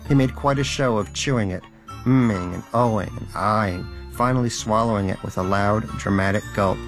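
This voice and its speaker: A man's voice: on the low side, normal speed, over music. A man narrating a storybook in a scripted, dry and wry way. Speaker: audiobook narrator.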